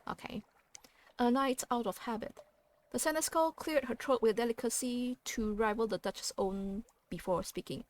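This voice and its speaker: A woman's voice: a little high, moderate pace, a little mellow. A woman playing a story game, reading its text aloud and chatting about her choices in a playful way. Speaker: let's play host.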